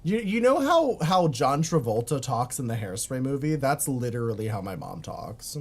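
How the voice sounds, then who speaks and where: Brief: male streamer from Baltimore, light Baltimore accent, swears freely, talks to chat in an animated up-and-down voice. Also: medium pitch, moderate pace, breathy edge. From Baltimore, USA. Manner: profane, chatty, reads chat aloud. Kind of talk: casual gaming stream chat.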